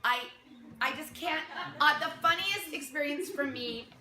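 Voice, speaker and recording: A woman's high voice moves a little slowly as she speaks to a young theater cast she's directing, warmly laughing and acting out their lines. The echoey room is full of people, and their murmuring and laughter can be heard.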